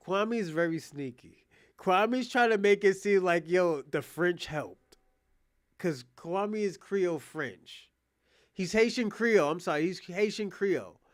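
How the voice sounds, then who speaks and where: Reaction streamer, male, high and smooth voice, animated and profane, casual live commentary. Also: a little slow. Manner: animated, loose and profane, talking to chat.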